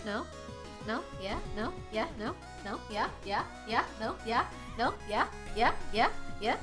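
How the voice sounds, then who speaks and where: A woman's voice: a little high, animated, unhurried, over music. An American woman chatting casually on a live stream, giggly and rambling, laughing often. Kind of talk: casual chat.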